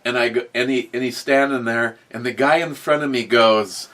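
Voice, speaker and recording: A man's voice: mid-range voice, moderate pace, fairly bright tone. A man hosting a casual podcast, rambling through a story with many restarts and fillers, and reading out chat comments. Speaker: podcast host.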